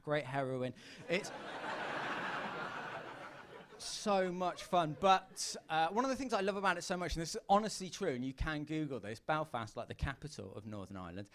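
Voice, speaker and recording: A young man doing a stand-up routine on a comedy club stage, rambling and self-deprecating with quick asides to the crowd. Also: on the high side. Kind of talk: stand-up routine to a live audience.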